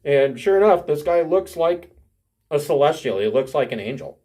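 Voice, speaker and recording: Male game master, animated slow narration, higher pitch. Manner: laughing, stumbling narration.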